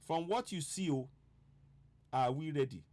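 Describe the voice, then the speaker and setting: A man's voice: a little high, measured pace, a little mellow. A man giving an impassioned political broadcast, urgent, repeating rhetorical questions. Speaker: online broadcaster.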